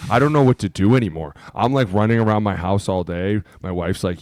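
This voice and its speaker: Animated, profane male podcast co-host. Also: fairly low pitch, brisk. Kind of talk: casual chat.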